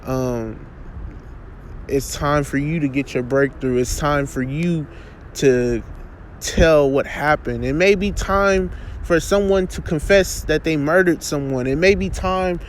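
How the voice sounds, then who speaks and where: A man giving an earnest, preacherly spoken reflection outdoors, halting and restarting as he talks. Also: a little high, slight background noise. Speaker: vlogger.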